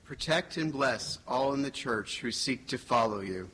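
A man, a lector reading the prayers of the faithful in a church, in a steady, formal way. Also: mid-range voice, unhurried, breathy edge, rough recording.

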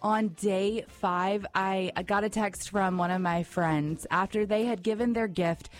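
A woman's voice: medium pitch, unhurried. A woman co-hosting a radio morning show, chatting enthusiastically and sometimes tripping over her words. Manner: enthusiastic, stumbles over words when excited. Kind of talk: fundraising radio chat.

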